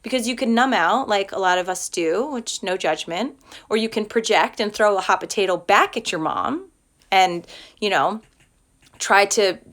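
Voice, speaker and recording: An earnest woman in her thirties talks loosely into her phone on a live stream. Her speech rambles and is full of likes and restarts. Her pitch sits mid-range for a woman. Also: moderate pace, fairly bright tone. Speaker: host of a self-help live stream. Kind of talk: casual live-stream talk. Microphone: phone or webcam for a live stream.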